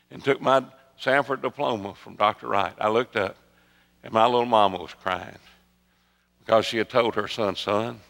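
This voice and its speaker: A man preaching a sermon, telling a story that swings from loud emphatic peaks to soft hushed asides. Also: medium pitch, gravelly. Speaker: pastor. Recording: long hall reverb.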